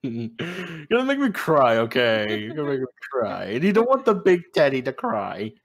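A man's voice: mid-range voice, wildly swooping pitch, normal speed. A seventeen-year-old guy chatting and teasing jokily while playing a game, on a cheap mic. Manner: joking, teasing, breaks into laughs. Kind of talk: casual gaming chat.

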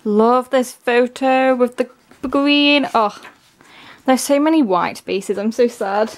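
A woman gushing excitedly through a casual unboxing, her voice strained and giving out. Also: fairly high pitch, slow pace. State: voice giving out, coughing. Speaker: K-pop album unboxer.

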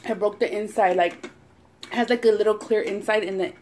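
A woman's voice: medium pitch, steady tone, a little fast, darkish tone, slight background noise. A young woman vlogger and mother who chats casually and swears a lot while eating on camera. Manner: chatty, swears a lot, rambling. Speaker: mukbang vlogger. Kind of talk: casual eating-show chat.

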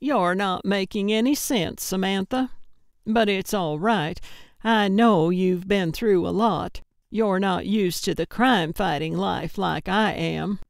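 A woman's voice: medium pitch, slow pace, vocal fry, no room sound, studio quality. Woman voicing a boastful elderly amateur sleuth. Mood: triumphant. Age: older. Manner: confident, self-important.

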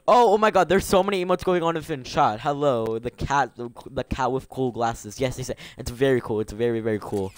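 A teenage boy streaming a game live, excitable and bantering with his chat and friends, gasping at every surprise. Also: mid-range voice, moderate pace, hardly any pauses, clean tone, no echo.

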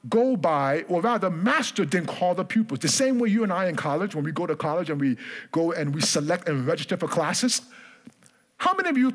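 A man's voice: sits high, a bit bright. A male pastor preaching a sermon in church, emphatic and repetitive, calling on the congregation to answer.

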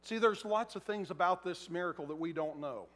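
Talking a little fast, a pastor delivers an easygoing, conversational sermon, sometimes performing quotes. For a man, his voice is fairly high. The spacious church auditorium leaves a long echo hanging after each phrase.

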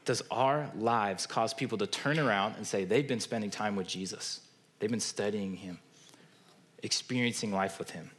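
A man's voice: lowish voice, moderate pace, a bit bright. A man with a Midwestern American accent preaching a sermon in a church, earnest and conversational, often checking in with "right?". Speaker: pastor. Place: church sanctuary.

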